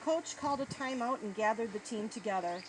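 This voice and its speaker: A woman reading a children's story aloud in an expressive storybook tone. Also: on the high side, a little fast. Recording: noisy outdoor recording.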